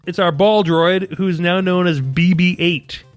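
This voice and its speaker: A man's voice: high voice, takes it slowly, soft background music. A man hosting a casual podcast chat, upbeat and laughing often. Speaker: podcast host.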